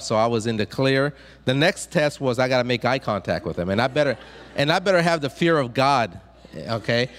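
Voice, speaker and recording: A man telling humorous personal stories to a student audience. He is chatty, often checks in with "right?", and repeats and restarts his words. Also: mid-range voice. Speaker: motivational speaker to students. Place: large hall, speaking to a student audience. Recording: long hall reverb.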